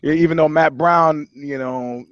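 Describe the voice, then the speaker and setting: A man's voice: fairly high pitch, fairly even intonation, unhurried, no echo, dull audio. A man co-hosting a podcast, talking casually. He rambles and restarts often, and he swears freely. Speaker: podcast co-host. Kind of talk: casual chat.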